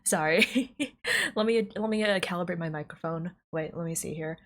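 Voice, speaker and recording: A woman's voice: fairly low pitch, moderate pace. A woman, streaming live and chatting casually with her viewers, bubbly and giggly. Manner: bubbly, giggly, greets chat warmly.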